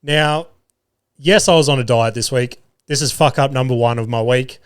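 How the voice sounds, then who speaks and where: A man's voice: mid-range voice, normal speed, clean tone. A young adult man, hosting a podcast in casual chat, rambling through stories and swearing freely. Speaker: podcast host.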